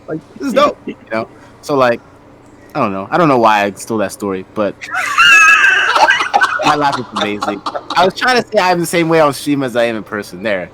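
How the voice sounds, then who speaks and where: A man from Maryland hosting his stream, telling stories in a relaxed, animated way. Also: medium pitch. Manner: animated storyteller, laughs loudly. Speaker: streamer host. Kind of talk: casual chat.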